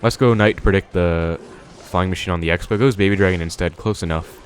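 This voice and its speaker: A man's voice: low-pitched, brisk, slight background noise. A young man giving casual commentary on his own gameplay, thinking aloud with many fillers. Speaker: gaming video creator.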